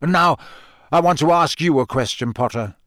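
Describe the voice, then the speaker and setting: A man voicing a gruff, grim older male wizard who talks slowly and mutters. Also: fairly high pitch, very animated, a bit bright, no room sound, studio quality, full character voice. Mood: businesslike. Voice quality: gruff, growling. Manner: slow, muttering.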